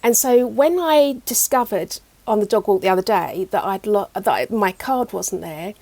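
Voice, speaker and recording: A middle-aged woman, telling personal stories as an interview guest in a chatty, animated way. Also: mid-range voice, moderate pace, gravelly, no echo. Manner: chatty, animated retelling with many fillers. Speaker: guest, EFT practitioner. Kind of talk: casual interview storytelling.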